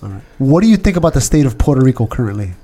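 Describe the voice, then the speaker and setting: A man's voice: mid-range voice, big pitch swings, very fast, warm tone, faint music behind. A man hosting a casual podcast, playful and curious, laughing as he tests an AI assistant. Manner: playful, testing, laughs often. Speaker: podcast host.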